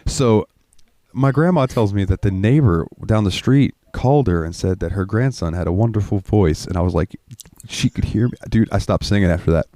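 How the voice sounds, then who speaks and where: Podcast co-host, man, very deep and smooth, easygoing and quick to laugh, dry close mic. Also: mellow, no room sound. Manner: laid-back, laughs often. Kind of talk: casual chat.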